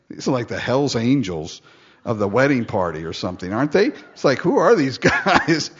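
In a joking, animated sermon, a pastor acts out the story's lines using different voices. His mid-range voice carries a breathy edge and moves at a moderate pace. It is recorded with dull, lo-fi sound.

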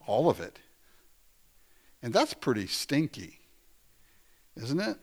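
A man's voice: medium pitch, wildly swooping pitch, slow. A man preaching a conversational sermon, often laughing and acting out quoted lines. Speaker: pastor.

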